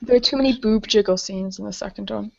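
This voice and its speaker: A woman's voice: mid-range voice, fast, creaky. Ranting young British woman, lo-fi sound. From Britain. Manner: ranting, blunt and sweary, laughs often. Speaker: guest. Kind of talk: casual chat. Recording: dull lo-fi recording.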